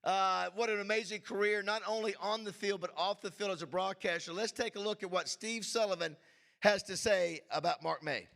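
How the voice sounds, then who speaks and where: A man emceeing a club luncheon, with a gravelly, somewhat high voice. He pumps up the crowd with shout-outs and gets emotional along the way. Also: brisk. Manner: hyped crowd-rousing, emotional asides. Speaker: host. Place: banquet hall.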